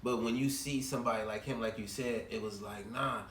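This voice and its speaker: A man's voice: fairly low pitch, fairly even intonation, brisk. A man hosting a casual podcast chat, laid-back and prodding his guest along. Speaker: show host. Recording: roomy, distant mic with faint noise.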